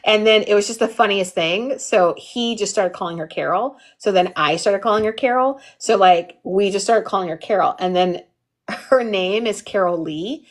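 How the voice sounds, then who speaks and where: A young adult woman hosting a live workshop, chatting casually and telling an animated family story full of quoted voices. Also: mid-range voice, moderate pace. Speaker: workshop host. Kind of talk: casual livestream chat.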